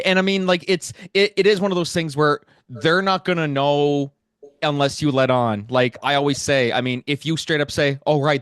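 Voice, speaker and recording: A man's voice: on the high side, fairly bright tone, clear, resonant tone, no room sound, studio quality. A man hosting a podcast interview, talking in a rambling way with many fillers. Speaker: podcast host. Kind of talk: casual interview chat.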